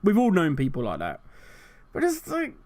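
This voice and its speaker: A man's voice: high-pitched, huge pitch swings, moderate pace, a little mellow. A man hosting a gaming channel, ranting animatedly with exasperated rhetorical questions. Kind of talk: casual commentary rant.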